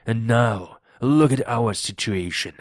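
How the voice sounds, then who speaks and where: A man's voice: fairly low pitch, slow, no room sound, studio quality. Long John Silver, a man playing a fierce pirate captain. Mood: angry. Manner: loud, commanding and threatening. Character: fierce old male pirate captain, cunning and bold. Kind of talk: read-aloud audiobook acting.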